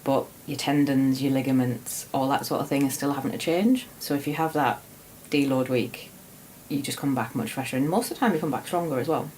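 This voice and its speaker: A woman personal trainer co-hosting a podcast, explaining training in a lively casual way with frequent laughter. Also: rumbling low, brisk, hardly any pauses, a little hiss or hum, rough recording. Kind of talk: casual chat.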